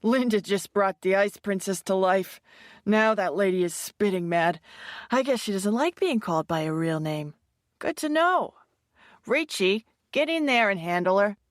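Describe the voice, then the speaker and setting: A woman's voice: medium pitch, lively intonation, moderate pace, dry recording, studio quality, close to an everyday voice. A woman narrator voicing an older male FBI supervisor with blunt, sardonic remarks.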